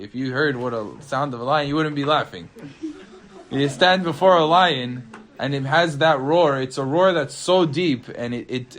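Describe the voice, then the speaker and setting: A rabbi tells a tale with lively drama, his voice rising and dropping sharply as the story builds. His voice sits a little higher than most men's. He speaks like a storyteller holding a room's attention. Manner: animated, dramatic swings of pitch and loudness.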